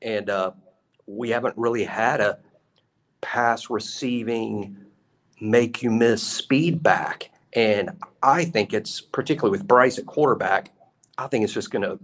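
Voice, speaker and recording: A man co-hosting a sports talk show, giving casual analysis. His voice sits a little low, and he talks earnestly, hammering the same point home more than once. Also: measured pace, a little hiss or hum. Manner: earnest, emphatic, repeats points.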